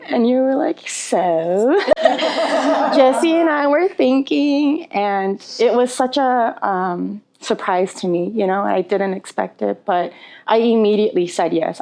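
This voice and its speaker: Emotional woman with a gravelly edge. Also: medium pitch, a little mellow. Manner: emotional and heartfelt, laughing through tears. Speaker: wedding officiant and friend. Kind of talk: heartfelt personal message.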